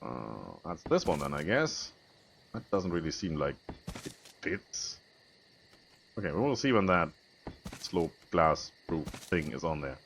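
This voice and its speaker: A man's voice: a bass voice, big pitch swings, a little slow, creaky, pauses often, fairly bright tone. Guy with as rambling over his building game, laughs at himself a lot, voice jumps all over, a bit of hiss behind. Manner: rambling, self-mocking, chuckles often. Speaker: gaming video host. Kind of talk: casual let's-play commentary.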